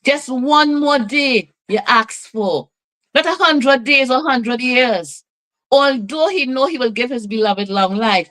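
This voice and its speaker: A woman preaches on a live broadcast, voice sitting a little high. She stretches her phrases out in a slow, rhythmic cadence. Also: a bit bright, poor audio. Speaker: radio host.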